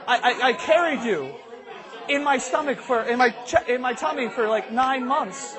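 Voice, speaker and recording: A man's voice: very high-pitched, animated, normal speed, pitched above the performer's own voice. A man voicing a hysterical, overwrought mother in a comic story, with a crowd behind him. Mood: pleading. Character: hysterical sobbing mother, woman, shrieking.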